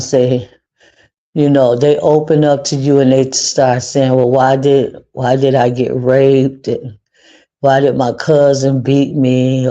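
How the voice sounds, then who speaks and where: A woman's voice: very deep voice, warm tone, lo-fi sound. A woman hosting a casual livestream monologue, speaking earnestly and repeating phrases for emphasis. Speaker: livestream host.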